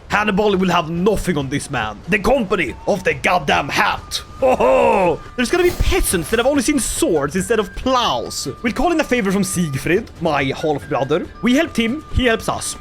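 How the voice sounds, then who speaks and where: A man giving theatrical gameplay commentary, shouting battle cries as his ruler and then dropping to gloomy mutters. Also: high voice. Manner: swings from gloomy mutters to excited yelling. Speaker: strategy game streamer.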